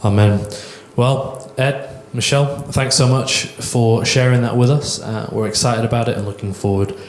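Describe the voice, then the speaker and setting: A man's voice: mid-range voice, steady tone, moderate pace. A man hosting a church service, upbeat and appreciative as he thanks the speaker. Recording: roomy echo with faint background noise.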